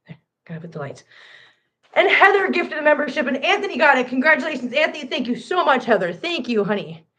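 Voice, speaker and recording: A woman's voice: fairly high pitch, sharp tone. A woman hosting a home livestream, chatting and scolding her cats in a playful voice. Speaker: cat channel host. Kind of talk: livestream chat while counting cat treats. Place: room at home. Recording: echoey room, voice from afar, faint noise.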